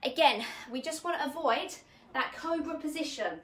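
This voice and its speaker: A bright, high-voiced woman runs a live fitness technique class, talking chattily as she demonstrates each move. She sounds a little out of breath and encouraging. Her voice bounces around an echoey room. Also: animated, normal speed, far from the mic. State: slightly out of breath. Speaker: fitness coach.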